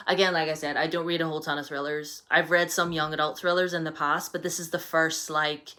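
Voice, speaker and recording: Chatty woman with a bright voice. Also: low-pitched, brisk, hardly any pauses. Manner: chatty, animated, many fillers like "you know". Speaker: book reviewer. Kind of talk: casual book review vlog.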